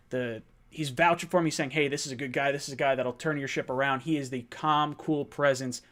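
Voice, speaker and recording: A young man hosting a sports fan livestream, talking fast and excitedly, thinking out loud with restarts and reading out viewer messages. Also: fairly high pitch. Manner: fast, excitable, thinks aloud with restarts, reads super chats.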